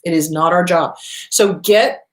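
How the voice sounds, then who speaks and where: A woman with a voice on the low side talks unhurriedly in a direct-to-camera advice segment. She's a therapist and show host, blunt and foul-mouthed, who keeps reinforcing her points with forceful repetition.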